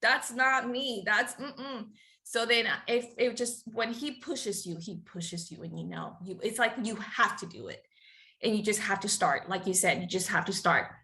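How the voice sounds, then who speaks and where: A woman guest on a podcast, telling a personal story in a lively, chatty way and often laughing. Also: mid-range voice, moderate pace. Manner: lively, laughs often, acts out quoted dialogue. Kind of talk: casual storytelling.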